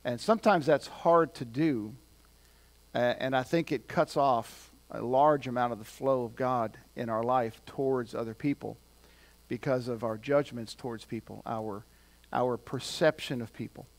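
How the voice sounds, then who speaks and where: A male pastor giving a sermon, talking conversationally and building to loud, emphatic points. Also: mid-range voice, a little slow.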